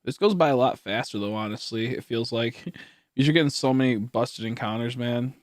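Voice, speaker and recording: A man's voice: medium pitch, moderate pace, no room sound, studio quality. A man in his late twenties, a streamer chatting casually to his viewers, rambling with lots of laughs, swearing and stammered restarts. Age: late 20s. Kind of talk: casual livestream chat.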